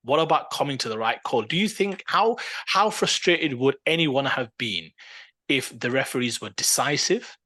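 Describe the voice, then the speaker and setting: A man co-hosting a podcast, talking football in a casual, animated and opinionated way, with plenty of fillers and restarts. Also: medium pitch, moderate pace. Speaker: podcast co-host.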